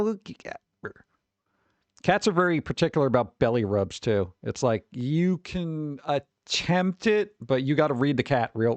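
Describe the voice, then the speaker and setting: Reacting to pet photos on his stream, a young man chats casually, laughs along animatedly, and now and then voices the animals in funny ways. He has a medium-pitched voice, and there's no room sound.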